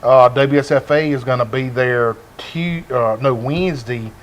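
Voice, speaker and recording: Man, sports chat co-host, middle-pitched voice, laid-back, joking banter. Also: unhurried, dull audio. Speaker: sports talk show co-host.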